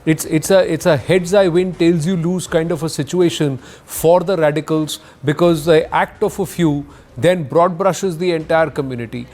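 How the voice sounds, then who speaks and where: A man, a news anchor moderating a TV debate, speaking in a measured, careful way. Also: a little high, steady tone, darkish tone. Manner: measured, careful, balancing the argument.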